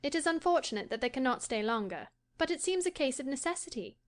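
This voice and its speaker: In an audiobook, an actress voices a cheerful young daughter reassuring her anxious father. Her high-pitched, expressive voice moves at a quick pace, bright and comforting in character.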